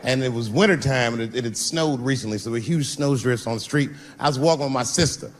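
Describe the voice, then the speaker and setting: A man performing stand-up comedy on stage in front of a live audience, animated and bursting into shouts. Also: medium pitch, fast. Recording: noisy live show recording.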